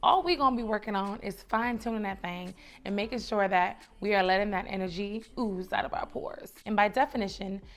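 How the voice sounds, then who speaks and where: A woman's voice: medium pitch, brisk, hardly any pauses, a bit bright. Chatty New woman vlogging. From the Bronx, New York. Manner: chatty and encouraging, calls viewers baby and sis. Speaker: lifestyle vlogger. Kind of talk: casual direct-to-camera advice.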